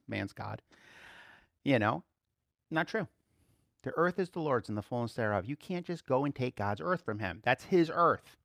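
A man preaching an informal sermon to a class, conversational and quick to laugh, swinging from emphatic outbursts to quiet asides. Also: sits high, no room sound, studio quality.

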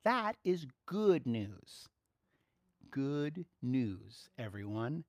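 A man preaching a sermon, swinging between soft, quiet asides and loud, excited exclaiming. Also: medium pitch, drawn-out words, dry recording, studio quality.

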